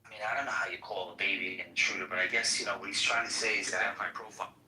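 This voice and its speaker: A man chatting on a casual podcast, excitable and crude, with frequent loud laughter. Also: low voice, very fast, slight background noise. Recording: echoey, distant mic with music behind.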